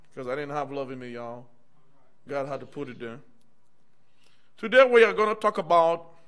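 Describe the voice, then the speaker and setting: A middle-aged American minister preaches a personal testimony sermon in church in a mid-range, slightly bright voice. His manner is conversational, and he often calls out "amen" and "y'all" to the congregation.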